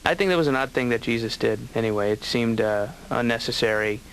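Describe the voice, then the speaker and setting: A man's voice: medium pitch, fast talker, fairly bright tone, a little hiss or hum, rough recording. A man doing a rambling, wry stand-up monologue as a patient. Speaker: comedian patient.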